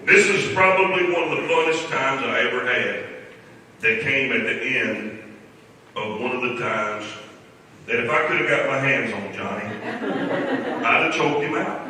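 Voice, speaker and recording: In a large church hall, a man delivers a funeral eulogy as folksy, humorous storytelling. His voice is a little high, pushed and bright, and is captured from far off, with hall echo and slight background noise.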